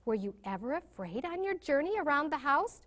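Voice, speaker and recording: Brief: gentle questioning mom in a storybook, read by a woman, high lively voice. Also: brisk. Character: gentle caring mother.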